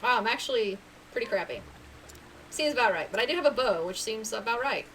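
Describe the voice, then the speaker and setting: A woman's voice: fairly high pitch, lively intonation, brisk, fairly bright tone, recorded from a distance, a little hiss or hum. A woman streaming a video game, chatting in a playful, self-mocking way as she plays. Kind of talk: casual gameplay chat.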